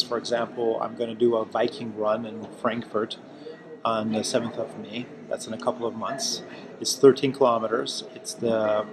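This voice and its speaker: A man's voice: mid-range voice, background noise. A man talking earnestly and emphatically in a personal self-help vlog, repeating himself for emphasis. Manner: heartfelt, emphatic and repetitive.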